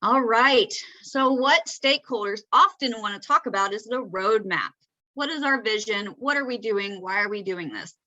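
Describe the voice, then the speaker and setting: A woman's voice: a little high, normal speed, pushed and bright, no echo, lo-fi sound. A woman with a Southern accent giving a conversational talk, often checking in with "right?". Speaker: presenter. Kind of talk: presenting a talk.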